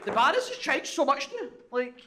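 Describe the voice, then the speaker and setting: A man's voice: very high-pitched, sing-song, normal speed. A man with a Glaswegian accent co-hosting a live podcast, cracking sweary, laughing jokes. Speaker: podcast host. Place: live show venue with audience. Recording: loud background noise.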